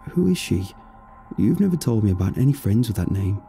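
A man narrating a storybook, voicing a calm middle-aged woman who gently reassures her husband. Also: lowish voice, fairly quick, creaky, faint music behind. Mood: explaining.

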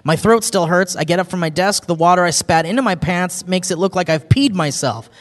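His voice sits high and his pace is brisk as this podcast co-host reads a listener's letter to a live audience. He treats it casually and with amusement, laughing and shouting impressions along the way. A long hall reverb is audible.

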